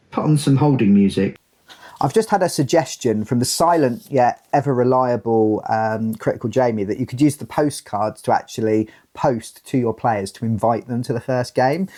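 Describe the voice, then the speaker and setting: A chatty young British man talks through an unboxing at a relaxed clip. His pitch swings widely as he reads rules aloud and adds dry asides. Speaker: host unboxing a tabletop game. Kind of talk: casual unboxing commentary.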